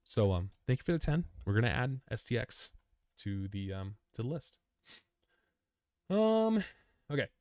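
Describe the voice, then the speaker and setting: A man's voice: mid-range voice, very animated, a little slow, pauses often, darkish tone, smooth, dry recording, studio quality. A young man hosting a live stream, talking casually through price charts and repeating phrases, calling listeners "man" and "dude". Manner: chatty, repeats phrases, addresses the chart as "you"; says "man", "dude" and "bro". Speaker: crypto chart analysis livestream host.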